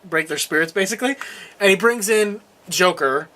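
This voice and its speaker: A man's voice: sits high, animated, moderate pace, pushed and bright. A young man co-hosting a casual chat, recapping TV episodes in a rambling way, often laughing and restarting his sentences. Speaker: co-host.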